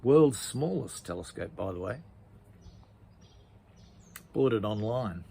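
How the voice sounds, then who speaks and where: A man reading a children's story aloud, chatty, with asides and hushed passages. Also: fairly low pitch, expressive, takes it slowly, vocal fry, breathy edge.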